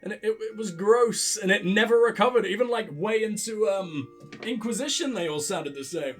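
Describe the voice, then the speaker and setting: A man's voice: high voice, moderate pace, faint music behind. A man hosting a let's play, rambling and sarcastic as he comments on the game and swears freely. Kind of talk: casual gaming commentary.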